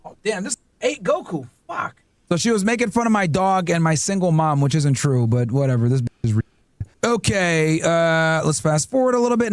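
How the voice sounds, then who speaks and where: A man's voice: on the high side, animated, normal speed, no room sound, clean studio sound. A man ranting casually to viewers while reading messages aloud, mocking and swearing, sometimes talking to his dog. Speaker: podcast host reading messages.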